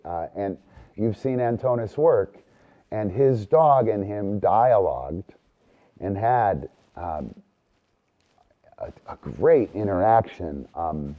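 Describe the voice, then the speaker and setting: Casual male dog trainer, mid-range voice, keeps asking "right?", muffled lo-fi recording. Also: medium pitch. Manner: relaxed, keeps checking in with "right?"; talks to his dogs between explanations.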